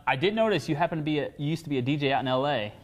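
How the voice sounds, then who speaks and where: A man's voice: on the high side, animated. A man hosting a local TV interview, asking questions and plugging the guest's show. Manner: brisk, upbeat promo wrap-ups. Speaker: TV news host, interviewer. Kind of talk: casual interview.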